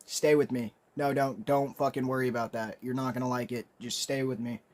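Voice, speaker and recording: Guy putting on a smooth suited dream dude, soft and pushy, begging you to just stay and chill, swears casually. calm and insistent the whole time. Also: mid-range voice, fairly quick, natural voice. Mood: pleading. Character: calm, coaxing man in a suit from a dream.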